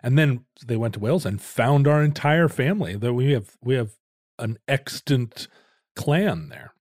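A man's voice: medium pitch, animated, moderate pace, darkish tone, no room sound. A middle-aged man casually telling a rambling family story with dry jokes on a podcast.

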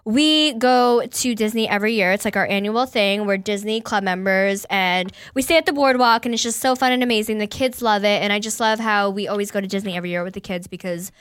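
A woman's voice: mid-range voice, a little fast, hardly any pauses, a bit bright, clear, resonant tone, no echo. A woman in her thirties co-hosting a casual chat podcast, blunt, teasing and profane. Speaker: podcast co-host.

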